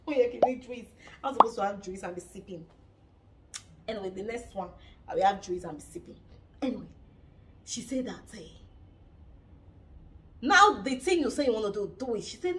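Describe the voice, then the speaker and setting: A woman with a Nigerian accent giving a lively, dramatic gossip review of a reality show, laughing often. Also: mid-range voice, normal speed, pauses often, distant mic. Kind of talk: casual gossip commentary.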